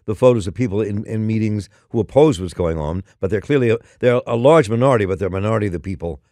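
A man hosting an interview, asking questions in a halting way with frequent restarts. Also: on the low side, a little mellow, no room sound. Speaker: interview host. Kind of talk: conversational interview.

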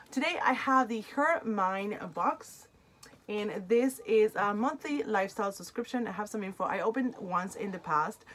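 An unboxing channel host with a non-native English accent chats in a casual vlog, her mid-range voice a bit bright. She's effusive and easily moved, and the recording quality is low.

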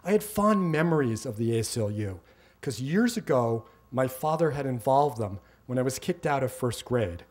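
A man's voice: medium pitch, lively intonation, normal speed, husky. A middle-aged man telling a personal story on stage, wry and self-mocking, getting heated as he retells old arguments.

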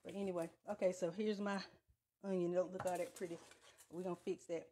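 Talking fast in a fairly low voice with little pitch movement, a woman chats with her livestream viewers, whom she calls y'all, while she cooks in her home kitchen. She uses Southern US Black vernacular, and her lapel mic picks up loud noise and clattering.

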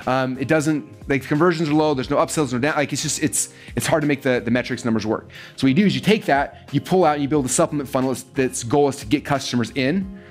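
A man telling a business story to an audience, fast and animated, acting out the quoted lines of other people. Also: soft background music. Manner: fast, animated, acts out quoted dialogue with big pitch jumps. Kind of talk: energetic storytelling talk.

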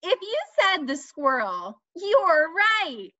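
A woman teaching young children, asking questions in a slow, sing-song way and stressing key words. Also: high-pitched, very animated, bright, forceful tone. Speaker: children's speech and language teacher. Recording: dull lo-fi dry recording.

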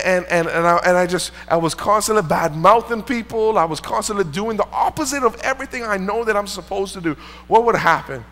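Brisk and high, with a fairly bright tone, a man preaches in a church sanctuary. The pastor shares a personal story earnestly and conversationally, and the recording carries the long reverb of a church hall.

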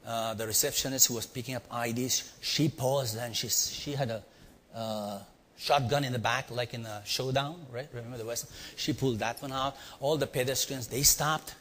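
A man's voice: mid-range voice, steady tone, normal speed, fairly bright tone, slight background noise. A middle-aged man with an Indian accent tells a story to a live audience, playfully asking questions and acting out sounds. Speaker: storytelling speaker on leadership. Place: large hall before a live audience. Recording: long hall reverb.

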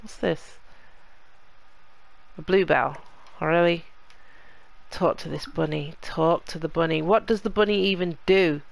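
A woman's voice: deep voice, steady tone, measured pace, gravelly, pauses often. A woman hosting a let's play, chatting casually to the characters in her game as she plays. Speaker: gaming channel host.

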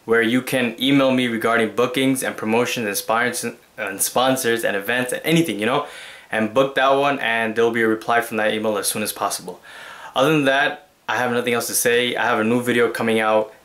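A young man hosting his own vlog, chatting in an animated, slangy way and acting out quotes. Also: medium pitch, a little fast. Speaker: vlogger host. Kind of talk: casual vlog chat.

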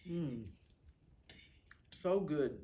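Woman, low voice, relaxed church cooking-show co-host, eats and talks, light hum of noise. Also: very slow. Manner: relaxed, savoring, hums with her mouth full. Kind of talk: casual chat while tasting food.

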